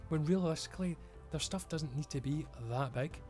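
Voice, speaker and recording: A man's voice: fairly high pitch, normal speed, darkish tone, soft background music. A man giving an emphatic, frustrated rant as a video creator, swearing often. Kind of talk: ranting commentary.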